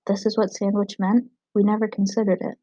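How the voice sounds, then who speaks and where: A woman reading aloud, voicing a calm, learned male royal advisor who explains things in a measured way. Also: mid-range voice, dry recording, close to an everyday voice, low-quality recording.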